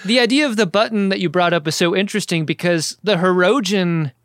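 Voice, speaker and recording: A man's voice: high voice, brisk, a bit bright, dry recording, studio quality. A man co-hosting a podcast, recapping an episode in casual chat with wry jokes. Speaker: podcast co-host.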